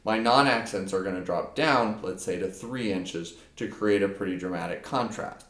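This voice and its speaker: Man, percussion teacher, unscripted lesson, step-by-step explanations, lots of fillers, lower voice. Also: moderate pace, very noisy. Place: practice room with a drum. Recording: echoey room.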